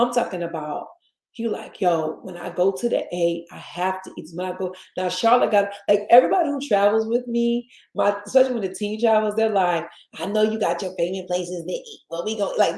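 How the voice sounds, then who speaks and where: A woman's voice: medium pitch, dark tone. A woman with a Southern US accent hosting a casual chat show, rambling and talking straight to listeners as y'all. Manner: chatty, addresses listeners as y'all, rambling asides. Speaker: host. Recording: echoey room.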